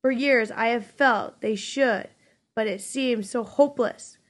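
A woman reading aloud, voicing a weary, sorrowful old male mentor who speaks in a steady, measured way. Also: fairly high pitch, close to an everyday voice.

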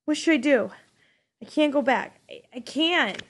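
A woman's voice: sits high, animated, a little slow, slight background noise, pitched above the performer's own voice. A woman reading aloud, voicing a distraught twelve-year-old boy with a raised, heated, pleading delivery.

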